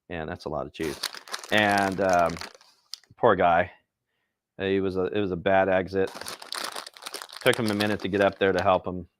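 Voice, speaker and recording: A man's voice: low voice, fairly bright tone, slight background noise. A man hosting a casual cooking livestream, chatting and rambling to his viewers while he cooks outdoors. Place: outdoors by a pizza oven.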